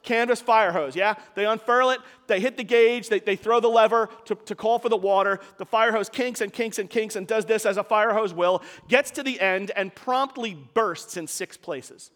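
A man's voice: high-pitched, moderate pace, few pauses, a bit bright, big-room sound. A man preaching a sermon, telling a story in a conversational way with casual asides to the congregation.

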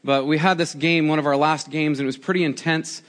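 A man in his forties, a pastor giving a conversational, animated sermon with prayer and storytelling. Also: fairly high pitch, a little fast. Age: 40s.

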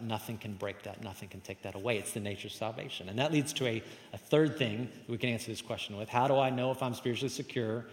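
A man preaches with emphatic swells, his voice climbing louder on key words and sinking softly after. His mid-range voice rings through a roomy hall with a long, trailing reverb. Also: medium pitch. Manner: emphatic, rises and falls in loudness for stress. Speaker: pastor. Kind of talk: sermon.

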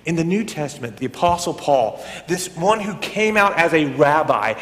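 Higher-voiced man preaching in an echoing hall. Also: animated, normal speed. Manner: conversational, swings between loud emphatic bursts and quiet near-whispers. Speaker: pastor. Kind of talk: sermon. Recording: long hall reverb.

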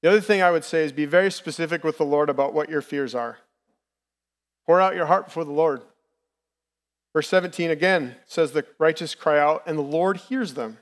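A man's voice: a little high, a little fast. A man in his thirties preaching a sermon in a candid, personal, conversational way as a lay preacher. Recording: long reverb from the hall.

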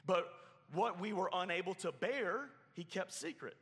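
A man preaching a sermon, emphatic and dropping to a hush for effect. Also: high-pitched, animated, measured pace. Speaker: pastor. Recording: long hall reverb.

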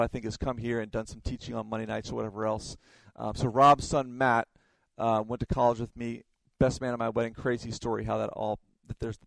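A man's voice: medium pitch, gravelly, no room sound, low-quality recording. A man preaching a sermon, telling stories and often repeating his words as he goes. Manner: storytelling, stumbles and repeats words. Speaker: pastor.

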